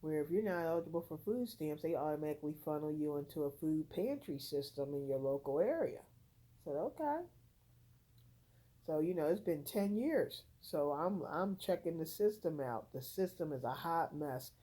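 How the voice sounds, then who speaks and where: Tired woman with a mellow, low voice. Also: expressive, moderate pace, poor audio. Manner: rambling, conversational, frank. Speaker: content creator. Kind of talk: casual vlog storytelling. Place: home.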